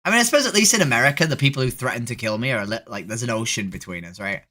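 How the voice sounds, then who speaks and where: A woman's voice: a bass voice, lively intonation, very fast, sharp tone. A woman, chatting bluntly and swearing often while streaming random video chats. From Leeds, England. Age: 30s. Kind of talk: casual video-chat streaming.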